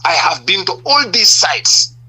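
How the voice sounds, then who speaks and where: Gambian politician guy on radio, super bright forceful voice, emphatic, keeps asking rhetorical questions. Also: high voice, sing-song, a little slow, breathy edge, soft background music, poor audio. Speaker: political party leader. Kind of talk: impassioned radio interview answers.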